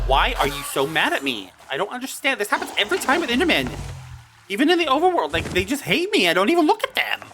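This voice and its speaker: Lively gamer voice, excitable let's-play commentary, startled yelps, talks to the mobs, music playing behind. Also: mid-range voice. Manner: excitable, frequent startled exclamations. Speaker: gaming video creator. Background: background music.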